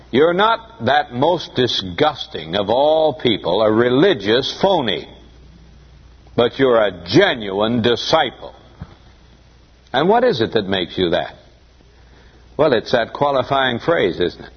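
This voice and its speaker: A man's voice: medium pitch, husky. A man preaching an expository sermon, reading scripture aloud and explaining it, with emphatic rises on the quoted verses. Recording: muffled dull recording.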